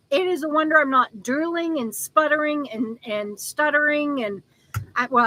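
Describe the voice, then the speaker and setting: Older woman, live-stream host, chatty and affectionate, high bright voice, halting delivery. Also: low-quality recording. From Texas. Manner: chatty, affectionate, laughs often, halting with fillers and restarts. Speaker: livestream host. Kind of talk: casual live-stream chat reading comments.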